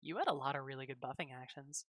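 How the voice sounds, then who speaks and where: A woman's voice: extremely low pitch, fast talker, dry recording, clean studio sound. A woman running a tabletop game as game master on a stream, teasing and laughing often.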